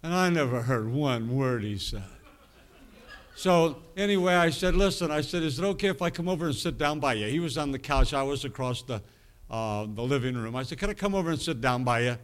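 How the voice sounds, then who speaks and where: A man's voice: medium pitch, lively intonation, a little fast. A middle-aged man preaching, telling a rambling, folksy anecdote with self-amused laughs. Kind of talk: storytelling sermon.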